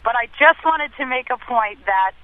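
Phone-in caller, man, very high voice, phone-line sound, chatty. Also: expressive, moderate pace, no room sound. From Western Massachusetts. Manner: chatty storytelling.

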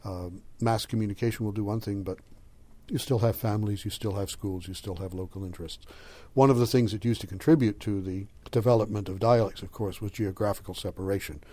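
An older man speaks in a measured, lecturing way during an interview. His voice sits somewhat low and sounds mellow and dark. He pauses to think and weighs his words. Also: steady tone. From Boston area. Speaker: interviewee, language scholar. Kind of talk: conversational interview answers.

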